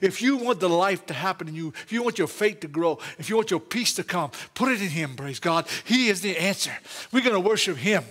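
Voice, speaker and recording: Fervent Louisiana pastor, high voice. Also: male voice, animated, a little fast, fairly bright tone. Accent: Louisiana Southern. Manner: fervent, exclaiming "praise God" and "hallelujah" often. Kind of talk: Pentecostal-style sermon. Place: church sanctuary.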